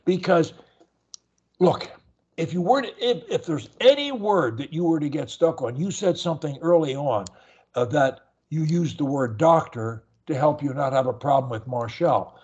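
Husky older male speech coach. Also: a little high, expressive, moderate pace, a little mellow, muffled recording. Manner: demonstrative, stretches and repeats words as drills; person who stutters. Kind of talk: one-on-one coaching session.

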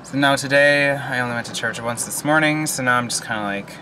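A man's voice: mid-range voice, a little fast, background noise. A man in his twenties, vlogging outdoors in a goofy, self-mocking, rambling way. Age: 20s. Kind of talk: joking outdoor vlog. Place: outdoors on a nature trail.

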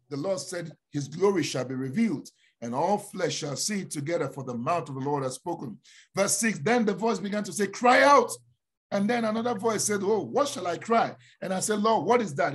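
A man's voice: sits high, breathy edge. A man with a Nigerian accent, a pastor giving a fervent, emphatic prophetic sermon. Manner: fervent, emphatic preaching with rising declarations.

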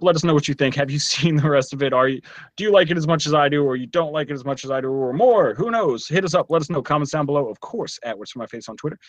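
A man's voice: fairly high pitch, no room sound. A man co-hosting a podcast, giving a casual, rambling TV review with lots of fillers. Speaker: podcast co-host reviewing a show.

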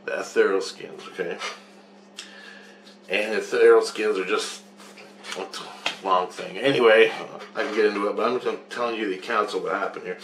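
A man with a fairly low voice tells a long, rambling story, agitated and swearing freely as he loops back over the same points. The recording is roomy and echoey. A faint hiss sits underneath. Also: fairly bright tone. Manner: agitated, profane, repetitive storytelling. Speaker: vlogger recounting spiritual experiences. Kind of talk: rambling monologue.

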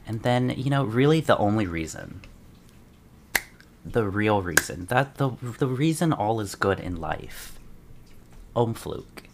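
A man reacting to a trailer as an excited fan, muttering asides and breaking into dramatic outbursts. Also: lowish voice, unhurried, long pauses, noisy background. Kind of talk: casual reaction commentary.

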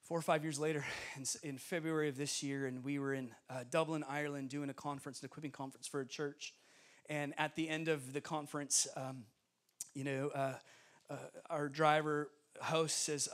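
A man's voice: a little high, normal speed. A young man preaching as a guest speaker, telling stories with laughter and acting out the voices of people in them. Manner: animated, laughing, acts out voices in his stories. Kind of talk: sermon storytelling. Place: church sanctuary.

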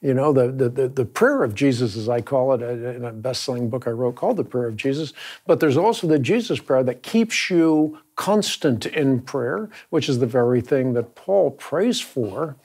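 A man's voice: mid-range voice, animated, moderate pace, darkish tone, husky. A man hosting a round-table discussion, explaining earnestly and emphatically, often repeating words as he restarts. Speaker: host.

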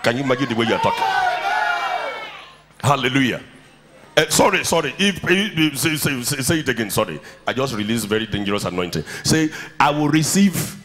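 A man's voice: mid-range voice, expressive, quick pace, pauses often, fairly bright tone, a faint crowd. A man preaching a sermon in a church, telling stories and leading the congregation in call-and-response. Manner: storytelling, then rousing the congregation with call-and-response. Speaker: pastor.

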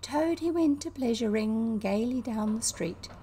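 A woman's voice: fairly high pitch, lively intonation, unhurried, warm tone, slightly rough. Woman doing a smug mocking chief weasel. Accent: New Zealand. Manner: mocking, speechifying.

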